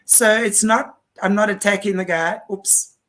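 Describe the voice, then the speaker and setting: Woman host, earnest and animated storyteller, mid-pitched voice. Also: moderate pace. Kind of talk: live-stream conversation.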